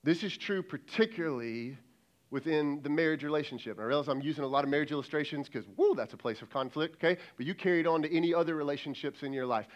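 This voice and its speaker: A man's voice: on the high side, fast talker, muffled recording. A man preaching a sermon as lead pastor, talking in a conversational, emphatic way and acting out quoted dialogue.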